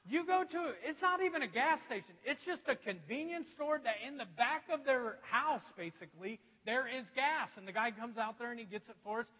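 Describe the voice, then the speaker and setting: Very high-voiced male preacher in a hall. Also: lively intonation, moderate pace, few pauses, breathy edge. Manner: humorous, self-deprecating anecdote telling. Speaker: pastor. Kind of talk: sermon with personal storytelling. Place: church. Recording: dull recording with long hall reverb.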